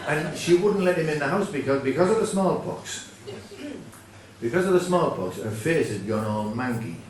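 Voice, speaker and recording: A man who is a folk singer telling a rambling comic story on stage in a deadpan manner, with frequent self-corrections. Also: on the high side, normal speed, slight background noise. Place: live venue with audience. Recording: echoey room from far off.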